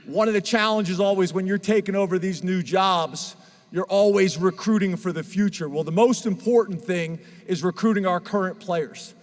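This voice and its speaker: This fairly high-voiced man, a head football coach, gives sincere and emotional press conference remarks at a moderate pace. The long reverb of a large room washes over his voice, placing him slightly at a distance.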